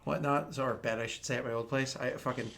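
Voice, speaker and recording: A man in his thirties running a tabletop game, talking in a bright, tense, forward voice. He rambles and restarts, piling up fillers as he narrates and jokes casually. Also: mid-range voice, fairly even intonation, quick pace, creaky. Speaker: game master.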